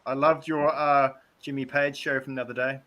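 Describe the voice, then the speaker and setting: A man's voice: mid-range voice, flat delivery, normal speed, highs cut off. A man from New Zealand with a Kiwi accent, chatting as a guest on a video-call live stream and rambling through stories. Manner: rambling storyteller, acts out quotes. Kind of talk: casual chat.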